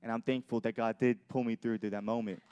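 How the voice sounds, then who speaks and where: A man's voice: medium pitch, flat delivery, fast talker, darkish tone, smooth, dull audio. A young adult man pastor giving an earnest sermon with personal testimony, often repeating and restarting his phrases. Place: church.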